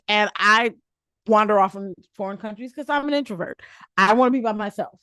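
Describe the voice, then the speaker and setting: A young woman from Detroit, talking casually and telling stories with lively acted-out quotes, recorded dry and close. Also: mid-range voice, fairly quick, clear, resonant tone, dry recording. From Detroit, Michigan, United States. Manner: animated storyteller who acts out quoted voices. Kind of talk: casual conversation.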